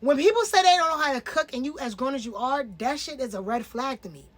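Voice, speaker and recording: A young woman in her twenties talks through a reality show in loose, casual commentary. Her voice sits high and bright in pitch. She leans hard into emphasis and slang, never sounding scripted. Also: animated, quick pace. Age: 20s. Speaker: reality TV reviewer.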